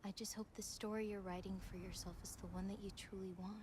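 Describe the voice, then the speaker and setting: An actress voicing a gentle, teasing young giantess in a video game. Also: female voice, mid-range voice, little pitch movement, fast talker, background noise, close to an everyday voice.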